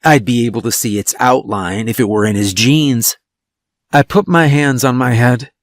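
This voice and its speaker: A man narrating a first-person horror story in a slow, tense storytelling manner. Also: medium pitch, no room sound. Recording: dry studio voice-over with soft music.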